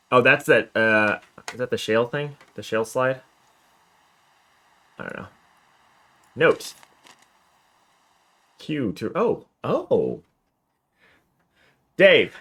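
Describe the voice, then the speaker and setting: A man's voice: lowish voice, measured pace, pauses often, pushed and bright. A male gaming streamer chatting casually through a let's play, self-mocking and upbeat.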